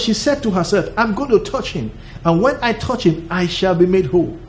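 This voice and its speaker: A man with a high voice delivers a broadcast sermon. He talks in emphatic, repetitive runs of short phrases and laughs now and then as he builds his point. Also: a little mellow, a little hiss or hum. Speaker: preacher.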